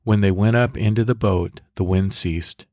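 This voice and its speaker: Deep-voiced man leading calm guided prayer. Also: no room sound, studio quality. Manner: calm, measured, instructive pacing. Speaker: devotional podcast host. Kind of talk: guided prayer and scripture meditation.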